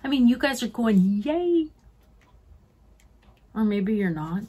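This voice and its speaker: A woman's voice: medium pitch, animated, moderate pace, mellow, breathy edge. A middle-aged woman chatting casually as a beauty vlogger, gushing to her viewers like friends while unboxing at home.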